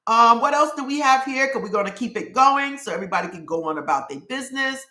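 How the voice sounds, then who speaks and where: A woman's voice: fairly high pitch, lively intonation, fast talker, sharp tone, echoey room. A woman hosting a casual livestream, reading out viewer comments and repeating her enthusiasm over and over. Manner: effusive, repeats "I love it" often.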